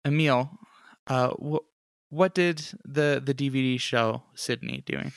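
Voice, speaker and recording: A man's voice: medium pitch, steady tone, slow pace, vocal fry, no room sound, studio quality. A man playing a tabletop murder mystery game, talking playfully and stammering now and then. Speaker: player.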